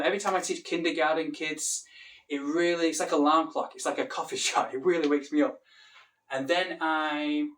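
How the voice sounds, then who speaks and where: A man's voice: a little high, a bit bright, distant mic. A man with a Mancunian accent, an English teacher talking casually to camera, rambling and restarting his sentences. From Manchester, England.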